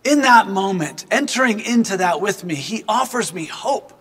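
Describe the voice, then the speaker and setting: A man's voice: high voice, lively intonation, normal speed, a bit bright, slightly rough, in a large hall. A man giving a devotional reflection through personal storytelling. He is earnest and reflective and speaks directly to the listener.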